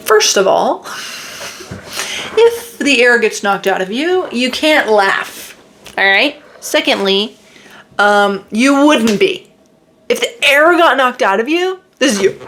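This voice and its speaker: A woman's voice: a little high, lively intonation, slow, fairly bright tone, a little hiss or hum. A woman reviewing a book in a casual, sarcastic and exasperated way, reading quotes aloud and picking them apart.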